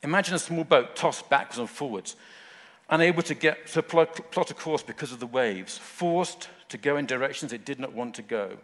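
A man's voice: mid-range voice, moderate pace, a bit bright. A man preaching a sermon in short, earnest phrases, rising at times to fervent emphasis. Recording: long hall reverb.

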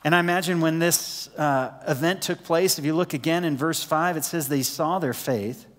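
A man preaches to his congregation in a slightly high voice, talking with them more than at them and often putting a question to them. For emphasis he drops to a hushed near-whisper. His words ring out with the long reverb of a large sanctuary. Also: normal speed. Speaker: pastor. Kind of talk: sermon.

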